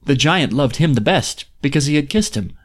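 A man narrates a fairy tale in an even, expressive voice. In conversation he turns chatty and relaxed, often restarting his sentences. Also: a little high, fairly quick. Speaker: podcast host and reader. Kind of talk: expressive story reading, then casual chat.

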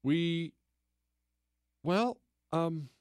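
Animated sarcastic talk radio host man. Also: extremely slow, clean tone, no room sound, clean studio sound. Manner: sarcastic, mocking, heavy repetition; animated, swings into incredulous high outbursts. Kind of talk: political talk radio monologue.

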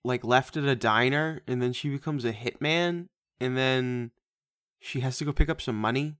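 Male podcast co-host, mid-pitch, foul-mouthed and sarcastic, dry close sound. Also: moderate pace, fairly bright tone, dry recording. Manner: profane, sarcastic, laughs often. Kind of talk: casual movie-review chat.

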